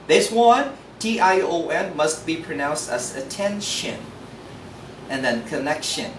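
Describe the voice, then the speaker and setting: A Filipino-accented man gives a pronunciation lesson at an unhurried pace, spelling out letters before saying each word. His fairly high voice sits back from the mic in an echoey room. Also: expressive. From Philippines. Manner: spells words letter by letter and repeats model pronunciations. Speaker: English pronunciation teacher. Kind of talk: recorded tutorial lesson. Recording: roomy, distant mic with faint noise.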